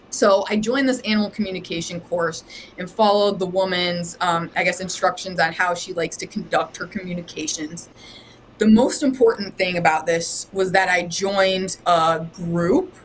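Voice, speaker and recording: A woman's voice: fairly low pitch, slight background noise, rough recording. A woman from Ohio, a podcast guest and psychic medium, telling her story in a chatty, rambling way with lots of "like". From Ohio, USA. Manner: chatty, rambling, heavy use of "like". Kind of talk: casual storytelling chat.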